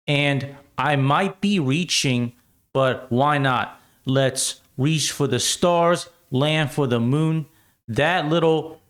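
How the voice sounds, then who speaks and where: An American man hosting an opinionated commentary show, talking emphatically with rhetorical asides. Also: medium pitch.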